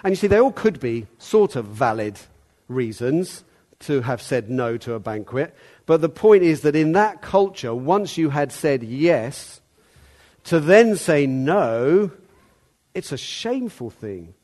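A man preaching a sermon in a conversational way, now and then calling out loud to act a part. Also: a little high, very animated, unhurried. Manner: conversational, acts out the servant's calls loudly.

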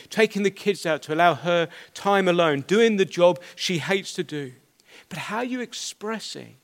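A middle-aged man preaching an expository sermon in an earnest, conversational way with small stammers. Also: sits high.

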